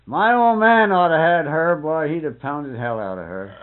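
A man in casual conversation, telling stories in a folksy rural dialect with cusses and lively retelling. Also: fairly high pitch, normal speed. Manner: folksy dialect, swears and laughs, animated retelling. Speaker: storyteller. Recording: muffled phone-like old tape.

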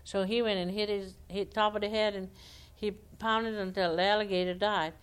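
A woman's voice: medium pitch, fairly even intonation, normal speed, smooth. A woman telling animal folktales aloud in a homespun, conversational way, acting out the characters' lines. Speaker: storyteller.

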